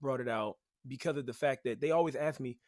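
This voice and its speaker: A man in a medium register tells stories as a podcast guest. He is animated and chatty, with plenty of "like" and "you know". The sound is dry and close. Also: medium pitch, fast talker, no room sound. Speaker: podcast guest, rapper and teaching artist. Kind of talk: casual storytelling.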